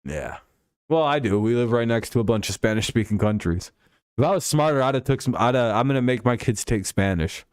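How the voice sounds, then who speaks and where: A man's voice: mid-range voice, expressive, brisk, smooth, dry recording, studio quality. A man hosting a casual football talk live stream, loose and joking, swearing freely as he signs off.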